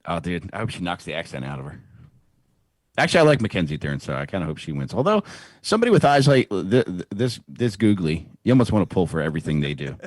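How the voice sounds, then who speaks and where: Male podcast guest, low voice with lively pitch, dry close sound, deadpan absurd humor. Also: fast talker, dry recording. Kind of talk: casual chat watching fight videos.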